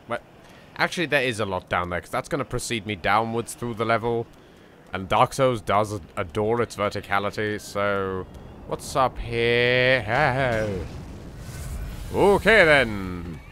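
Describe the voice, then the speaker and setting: A young English man commenting on his own gameplay with theatrical jokes, dropping to hushed asides and bursting into loud yelps. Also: fairly low pitch, a little hiss or hum. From England. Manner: theatrical, jokey, swings between hushed asides and loud outbursts. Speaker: let's play host. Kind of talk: game commentary.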